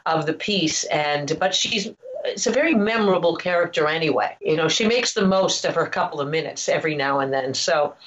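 A woman's voice: deep voice, fairly quick, dull audio. A woman voice actor telling a story in a casual interview, rambling with many restarts and asides.

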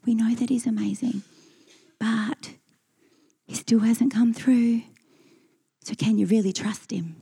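A woman voicing a sly devil figure in a soft whispered role-play, sowing doubt. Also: on the high side, fairly even intonation, slow, gravelly, long pauses, breathy edge, exaggerated voice. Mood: insinuating.

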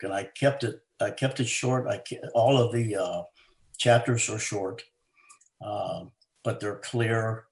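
A low-pitched man talks as an interview guest about a book he wrote. His delivery is earnest, with many fillers and restarts. The room around him rings with a roomy echo. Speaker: author and guest. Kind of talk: conversational interview.

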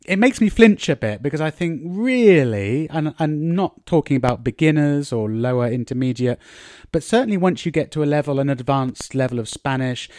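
An Englishman at a middle pitch talks through a casual lesson as a language coach, loose and chatty with plenty of ums and restarts. His voice is close and dry, with hardly any room sound. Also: darkish tone, dry recording. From England.

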